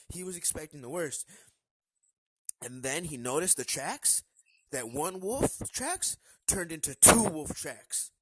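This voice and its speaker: A man hosting a live stream, telling a story in a casual, animated way and acting out the characters' lines. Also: medium pitch, moderate pace, slightly rough, no echo, rough recording.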